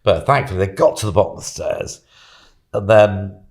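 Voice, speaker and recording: Gravelly low-voiced man telling a story. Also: moderate pace. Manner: chatty, laughs often, acts out quotes. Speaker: podcast guest telling a story. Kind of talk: casual anecdote.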